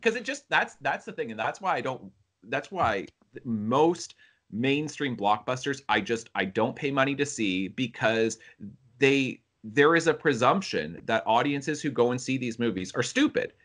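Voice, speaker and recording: Animated man chatting about films. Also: unhurried. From United States. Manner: animated, acts out quotes in high voices. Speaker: podcast host. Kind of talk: casual film review chat.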